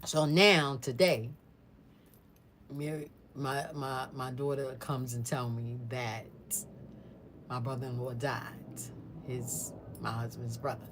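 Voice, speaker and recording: A woman's voice: a bass voice, slow, background noise. Woman, just chatting through a family story, acts out what folks said. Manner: animated, mimics other people's voices. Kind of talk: casual storytime chat.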